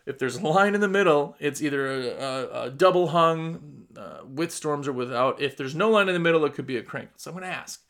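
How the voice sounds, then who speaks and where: A man from Wisconsin with a Midwestern accent coaches other business owners in a casual, plain-spoken way. His voice sits fairly high for a man. He leans hard on key words and briefly acts out customers as he explains. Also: a little fast, hardly any pauses, fairly bright tone. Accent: Midwestern American. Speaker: window cleaning business owner giving advice.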